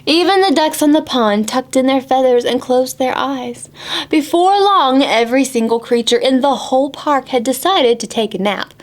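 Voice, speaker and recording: A woman librarian reading a picture book aloud to preschoolers, expressive and animated, sometimes dropping to a whisper. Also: high voice, moderate pace, few pauses. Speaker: children's librarian.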